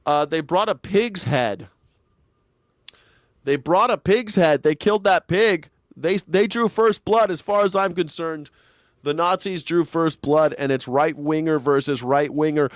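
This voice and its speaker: A man hosts a live news reaction stream in casual political commentary, sarcastic and rambling, often stumbling and restarting. His voice sits a little high for a man and sounds close and dry. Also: unhurried, dry recording.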